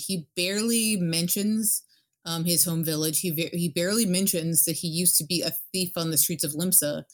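Rambling, swearing woman game podcaster. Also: lowish voice. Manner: rambling, animated, swears casually. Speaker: podcast co-host. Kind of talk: casual chat about a video game.

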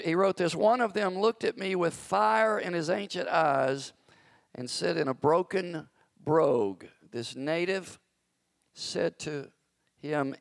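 A man's voice: on the high side, creaky, no room sound, studio quality. A pastor preaching a sermon in a church, stretching out words for emphasis as his fervor builds. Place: church sanctuary. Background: soft background music.

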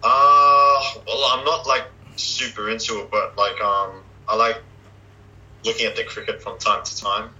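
A man's voice: on the low side, steady tone, a little slow, pushed and bright, muffled recording. A young man chatting casually and hesitantly, with lots of fillers and restarts. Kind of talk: casual chat.

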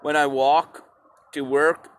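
Slow, rambling man podcasting outdoors. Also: fairly high pitch, little pitch movement. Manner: rambling and profane, addresses listeners as "peoples". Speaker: podcast host. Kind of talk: casual solo podcast monologue.

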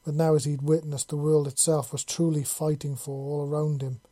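An audiobook narrator reading a story aloud in a steady, even storytelling manner. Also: mid-range voice, moderate pace, no room sound. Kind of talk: reading fan fiction aloud.

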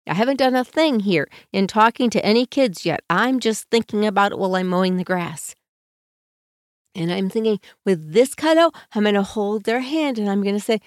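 A woman hosting a podcast, speaking in a gentle, soothing way and slowly guiding the listener through calm advice. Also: medium pitch, no echo, clean studio sound. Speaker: podcast host.

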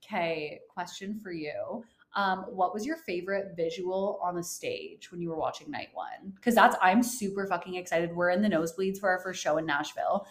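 A young woman co-hosting a podcast in casual chat, gushing and gasping with excitement. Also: fairly low pitch, moderate pace, hardly any pauses. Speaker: podcast co-host.

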